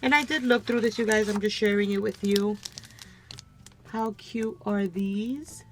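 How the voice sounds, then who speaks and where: A woman hosting a crafting channel, casually showing off a gift package, gushing over every item and talking straight to viewers. She sounds a bit low on energy as she comes down with a cold, recording at her craft desk at home. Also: steady tone, a little slow, slight background noise. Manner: gushing, keeps addressing viewers as "you guys". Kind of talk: casual show-and-tell unboxing.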